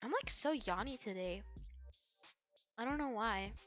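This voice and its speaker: A woman's voice: on the high side, expressive, unhurried, fairly bright tone, faint music behind. A woman streamer chatting casually and rambling. She is tired and yawning, giggles often, and uses lots of fillers. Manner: giggly, filler-heavy, meandering. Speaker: VTuber streamer.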